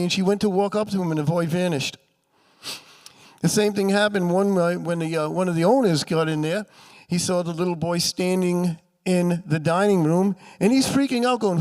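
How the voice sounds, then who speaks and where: A high-pitched man with a darkish tone recounts ghost stories at a moderate pace to a live festival audience. He's a paranormal author and speaker, keeping things chatty and performing each quoted voice.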